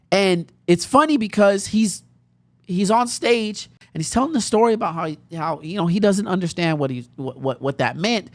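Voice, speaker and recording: In an unhurried, fairly low voice, a young woman podcast host tells a personal story in a chatty, animated way, bursting into laughter at times. No room sound is audible.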